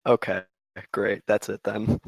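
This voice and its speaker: Man, lower pitch, plain matter-of-fact player, dry. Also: level tone, unhurried, vocal fry, dry recording, rough recording. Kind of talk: casual tabletop play.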